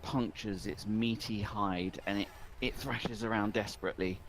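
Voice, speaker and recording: A man's voice: on the low side, steady tone, normal speed, background noise. A man narrating a tabletop game as game master, describing monsters and calling for rolls.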